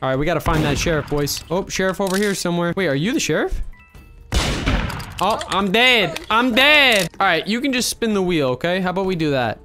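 A man hosting casual gaming commentary, chatty and excitable, talking to players over voice chat and bursting into loud cheers. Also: high-pitched, very fast, few pauses, over music. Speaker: gaming YouTuber host.

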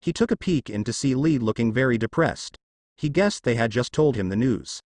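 A man narrating a fan fiction story in a plain, steady storytelling manner. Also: mid-range voice, normal speed, no room sound, clean studio sound.

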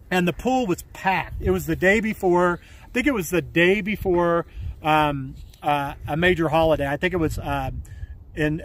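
High-voiced guy in his 40s rambling a story to camera by an outdoor pool, lots of ums and likes. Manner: rambling, full of fillers and restarts. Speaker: vlogger.

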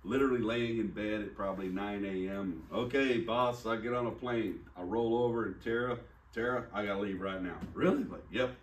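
A pastor with a fairly low voice preaches at a fairly quick clip, telling a personal story in a conversational, self-deprecating way and acting out the dialogue. The mic sits at a distance in an echoey room, with slight background noise.

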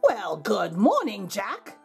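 A woman's voice: mid-range voice, wildly swooping pitch, slow, creaky, a little mellow, breathy edge, soft background music, voice pushed down, exaggerated voice. A woman voicing a sly, funny-looking old man who coaxes a boy into a trade, in a storybook reading. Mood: coaxing. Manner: coaxing, persuasive.

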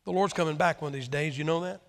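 An American man preaching a sermon, telling stories with lively emphasis and sudden swings between loud and quiet. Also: fairly high pitch, fast talker, vocal fry. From United States. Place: church hall with a crowd. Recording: long reverb from a large hall.

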